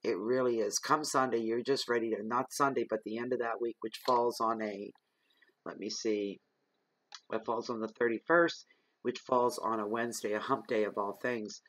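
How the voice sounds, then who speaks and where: A man's voice: mid-range voice, steady tone, normal speed, a bit bright, no room sound, low-quality recording. A man giving a general tarot reading, talking straight to his listeners in an earnest, rambling way with frequent ums. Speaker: tarot reader.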